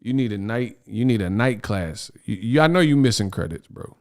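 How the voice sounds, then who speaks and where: A man's voice: lowish voice, animated, moderate pace, a little mellow. A man hosting a casual boxing reaction commentary, slangy and incredulous.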